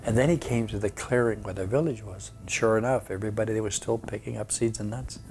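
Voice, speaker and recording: A man telling a traditional folk tale aloud, unhurried, often dropping to a whisper, with halting restarts. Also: on the low side, darkish tone, soft background music. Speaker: storyteller.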